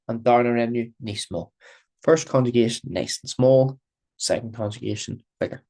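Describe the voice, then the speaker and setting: A man's voice: medium pitch, moderate pace, darkish tone. A man giving a recorded grammar lesson as a language teacher, explaining patiently and repeating terms in two languages. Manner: patient, repetitive explaining, switching between Irish and English.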